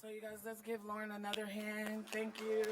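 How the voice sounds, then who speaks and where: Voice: mid-range voice, monotone, a little fast, a bit bright, slight background noise. An event co-host giving upbeat, enthusiastic emcee remarks to the audience.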